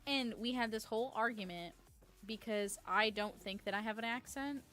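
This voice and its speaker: A woman's voice: fairly high pitch, normal speed, a bit bright, soft background music. A woman from New York chatting casually with her audience while playing a game live, rambling and peppering her talk with "like". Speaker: streamer.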